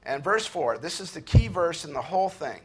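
A man preaching an earnest sermon, slowing down and lifting his voice when he reads scripture aloud. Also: fairly high pitch, animated, breathy edge. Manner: earnest preaching, slows and rises to read scripture. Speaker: pastor.

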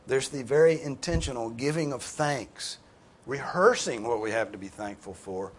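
A man with an expressive, somewhat breathy voice preaches at a normal speed while teaching a Bible class, mixing sermon with group discussion. Earnest and emphatic, he slips into casual asides and lifts his pitch and volume to drive his points home.

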